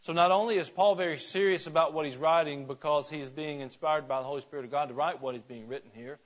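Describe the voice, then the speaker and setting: Man from Georgia, pastor type, slightly high voice, folksy conversational preaching, lo-fi church recording. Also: fast. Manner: folksy, asks the congregation questions, frequent restarts. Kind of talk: conversational sermon. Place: church sanctuary.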